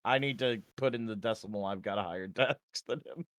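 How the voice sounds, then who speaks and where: A man playing in a tabletop game, chatting casually, swearing freely and thinking out loud. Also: lowish voice, brisk, dry recording. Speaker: player.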